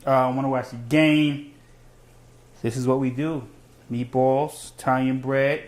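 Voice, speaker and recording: A man hosting a casual home cooking show, talking fast and rambling with lots of restarts. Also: medium pitch. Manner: fast, rambling, self-correcting.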